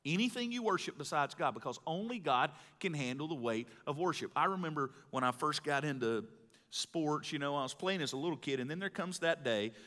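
Bright-voiced preacher in a reverberant hall. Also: male voice, fairly high pitch, animated, a little fast. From Mississippi, US. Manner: folksy storytelling preacher, swings between loud and hushed. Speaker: pastor. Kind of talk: sermon. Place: large church hall. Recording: live hall with long reverb.

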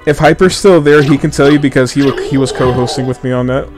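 A man talks through a game playthrough in a loose, rambling way, laughing and restarting sentences as he goes. His voice sits at an ordinary middle pitch. Game music plays faintly underneath. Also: fairly even intonation, fast. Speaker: host. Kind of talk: casual gameplay commentary.

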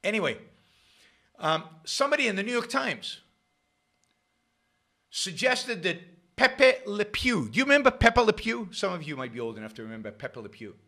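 A middle-aged man hosting a show, talking in a sarcastic, animated commentary with frequent restarts. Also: sits high, normal speed, long pauses. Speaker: show host. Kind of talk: casual commentary monologue.

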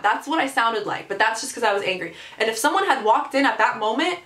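A young woman vlogger telling a story, animated and exasperated, with lots of "like.". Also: a little high, fast talker, hardly any pauses, a little hiss or hum. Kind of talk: storytime vlog. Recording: echoey room.

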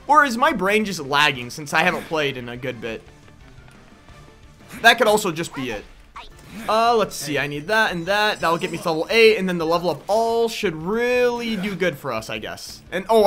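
A young man giving excitable live commentary over his gameplay, yelping and laughing when caught off guard. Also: high-pitched. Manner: excitable, yelps and laughs at sudden danger. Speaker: gaming YouTuber.

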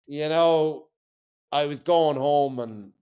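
A man's voice: a little high, mellow, clear, resonant tone. A man, a podcast guest telling his own story bluntly, swearing and laughing through it. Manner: blunt, profane, laughs while telling hard stories. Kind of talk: candid conversational storytelling.

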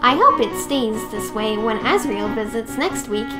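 A gentle, motherly goat woman speaks sweetly and fondly, as a woman reads her lines in a game. The voice is high and light, in no hurry. She sounds calm and caring. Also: a little slow, music in the background.

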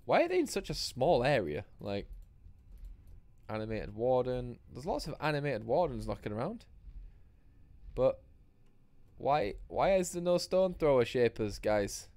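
Man, game streamer, swears a lot, very lively pitch, rambling. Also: normal speed, long pauses. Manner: sweary, rambling, self-mocking. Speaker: gaming streamer. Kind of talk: live gameplay commentary.

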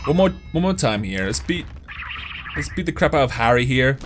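A man's voice: on the high side, lively intonation, a little slow, faint music behind. A man giving casual, jokey commentary while playing a video game, often yelping and laughing. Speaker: gaming YouTuber.

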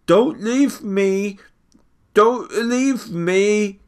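A man's voice: a little high, expressive, voice pushed up. Man doing a frail, pleading little boy. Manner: slow, soft, wondering.

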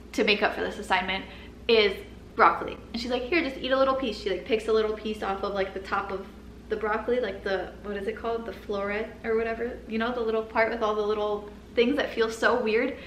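Young woman vlogging a storytime, slightly high voice, lots of "like", nervous laughs, roomy echo and a faint hiss. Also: fairly even intonation, fast, a bit bright. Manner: chatty, many "like"s, laughs nervously. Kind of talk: casual storytime. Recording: echoey room with faint noise.

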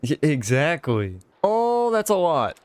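Animated, excitable young man gaming. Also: a little high, slow pace, clear, resonant tone. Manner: excitable, talks to companion character, frequent laughs and exclamations. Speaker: gaming channel host. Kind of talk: casual let's play commentary.

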